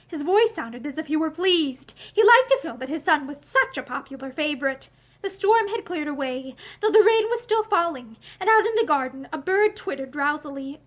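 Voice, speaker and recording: A woman reading a novel aloud in an expressive way, seated in a room lined with bookshelves. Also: high voice, normal speed. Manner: expressive, acts out the dialogue. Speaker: audiobook reader.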